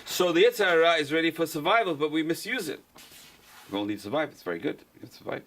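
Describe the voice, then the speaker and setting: Man, rabbi, gravelly voice, quick informal lecture, repeats key phrases, poses and answers questions. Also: a little high, expressive, fairly bright tone. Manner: conversational, repeats phrases for emphasis, asks and answers his own questions. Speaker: rabbi teaching a class.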